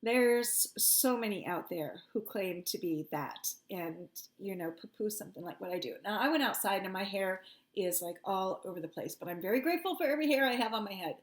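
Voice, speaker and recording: A woman psychic medium chats casually and briskly with her viewers, animated and laughing often. When she gets indignant, her pitch jumps up.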